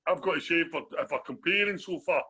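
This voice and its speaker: On a casual beer review podcast with a dull, lo-fi recording, a Glaswegian co-host rambles along, repeating phrases and asking "do you know what I mean." His voice is a little high and slightly rough, quick-paced with a sharp tone.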